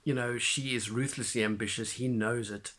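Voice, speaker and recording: A man talks through a classic film's plot in a loose, animated way. He stumbles, restarts and fills gaps with "you know" and "um". His voice sits at an everyday middle pitch. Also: normal speed. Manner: animated retelling, many fillers and restarts. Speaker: film reviewer. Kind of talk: casual spoken film review.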